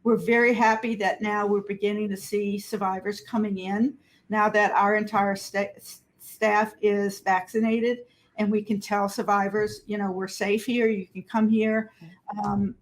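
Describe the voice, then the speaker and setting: A woman's voice: mid-range voice, little pitch movement, normal speed. A woman speaking on a video call panel discussion, talking steadily with many fillers. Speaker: service provider on a panel.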